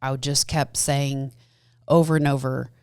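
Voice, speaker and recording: A woman's voice: a bass voice, little pitch movement, a little slow, a little mellow, smooth, no room sound, studio quality. Earnest woman sharing her story. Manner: earnest, quotes herself often, laughs easily. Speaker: podcast guest. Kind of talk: candid personal storytelling.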